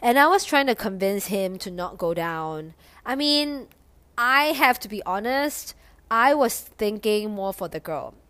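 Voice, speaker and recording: A woman's voice: medium pitch, a little slow. Young woman, casual storyteller, lots of cursing and filler words. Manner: animated, heavy swearing, lots of "like".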